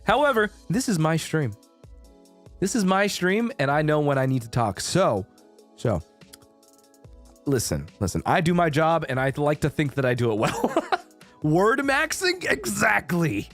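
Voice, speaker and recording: A man's voice: a little high, very animated, normal speed, soft background music. A young man chatting casually on his stream, rambling and playful, swearing freely and laughing often. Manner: frequent laughter and restarts. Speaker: VTuber streamer.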